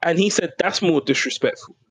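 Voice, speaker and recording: A young man from Britain co-hosts a relaxed podcast conversation. His voice sits a little high and sounds close and dry, and he acts out other people's lines as he talks. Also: brisk, breathy edge, dry recording. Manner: animated, acts out quoted voices, laughs often. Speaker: podcast co-host. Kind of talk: casual podcast chat.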